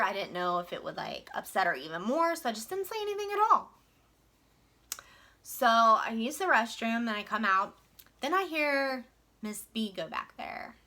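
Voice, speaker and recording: A woman's voice: on the high side, animated, moderate pace, bright, forceful tone. A young woman from Virginia, telling a work story in a chatty, frank way full of fillers. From West Virginia. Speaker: vlogger. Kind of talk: casual storytime venting.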